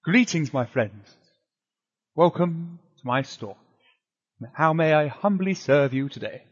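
A man's voice: medium pitch, a little fast, big-room sound, highs cut off, close to an everyday voice. A man voicing a humble, smiling village shopkeeper in a tabletop game, courteous and eager to please.

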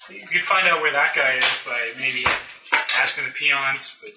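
A man's voice: medium pitch, normal speed, loud music behind the voice. Joking crude man in an echoey room. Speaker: player. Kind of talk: casual tabletop game chat. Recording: echoey room, mic far off, loud kitchen clatter.

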